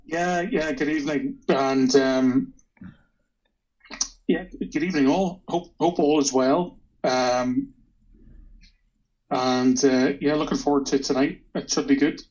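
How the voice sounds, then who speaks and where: A man's voice: medium pitch, fairly even intonation, takes it slowly, long pauses, darkish tone. A man from Edinburgh, chatting hesitantly on a podcast with many fillers. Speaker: podcast co-host. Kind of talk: casual podcast chat. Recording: slightly dull sound.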